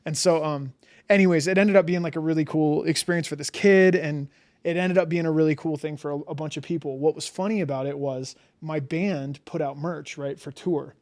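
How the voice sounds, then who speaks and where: A man with a fairly high voice talks as a podcast guest. He spins a long, casual story, packed with "like" fillers, and acts out his own reactions along the way. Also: steady tone, a little fast, a little mellow.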